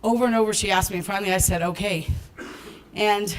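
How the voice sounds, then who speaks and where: A woman giving a lively talk at a business event, laughing often and acting out what people said to her. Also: mid-range voice, fast, a little hiss or hum, poor audio. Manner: animated, laughs often, acts out quotes. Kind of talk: motivational stage talk with storytelling. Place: event stage before a live audience.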